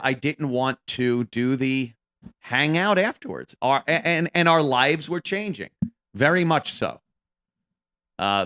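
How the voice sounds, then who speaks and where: A man's voice: fairly high pitch, bright, forceful tone. A man in his fifties, a radio co-host, talking casually with profane, rambling, self-deprecating asides. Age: 50s. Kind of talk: casual monologue about his career.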